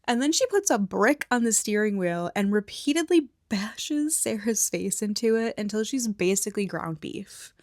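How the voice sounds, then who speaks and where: A woman recapping a movie in a soft whisper, blunt and opinionated, with some swearing. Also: mid-range voice, dry recording, studio quality. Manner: soft unvoiced whisper mixed with quiet speech.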